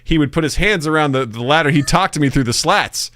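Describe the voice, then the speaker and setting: Forties male podcast co-host, bright tone, animated storyteller. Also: on the high side, fast talker, dry recording. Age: 40s. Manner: animated storyteller who acts out quotes loudly and laughs often. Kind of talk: casual chat, storytelling.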